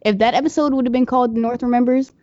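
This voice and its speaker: A woman co-hosts a podcast, musing aloud and restarting her sentences. Her tone is mellow. The sound is dry, close and dull. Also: a little high, fairly even intonation, very fast, dry recording. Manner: thinks aloud, restarts, hedging opinions. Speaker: podcast co-host. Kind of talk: casual chat.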